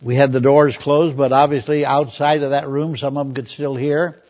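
A man's voice: medium pitch, little pitch movement, normal speed, darkish tone. An older man, a pastor, preaching a conversational sermon, telling folksy stories and reading scripture aloud. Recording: dull lo-fi recording.

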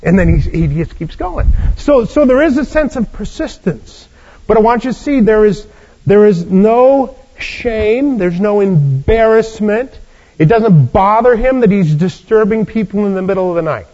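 A man's voice: sits high, animated, moderate pace, dark tone, in a large hall. A man preaching a sermon and teaching from the Bible, telling the story with animation and acting out the characters' lines. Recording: dull lo-fi recording.

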